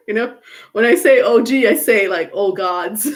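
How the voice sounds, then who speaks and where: A woman giving a casual live-stream tarot reading, chatty and blunt, cursing freely and laughing often. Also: a little high. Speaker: tarot reader.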